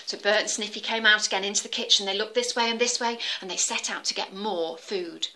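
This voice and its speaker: A woman telling a traditional tale for children in an animated, expressive way. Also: medium pitch, normal speed, hardly any pauses. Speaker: children's storyteller. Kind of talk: storytelling for children.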